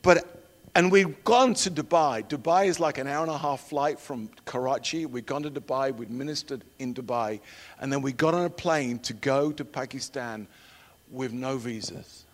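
A middle-aged man preaching a sermon and telling personal stories, shifting from loud emphatic declarations to hushed storytelling. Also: medium pitch, moderate pace. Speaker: preacher and missionary trainer. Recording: long hall reverb.

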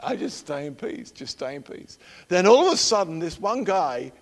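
Higher-voiced man preaching in a reverberant hall. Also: big pitch swings, moderate pace. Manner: emphatic, swinging from loud declarations to hushed storytelling. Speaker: preacher and missionary trainer. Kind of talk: sermon with personal storytelling.

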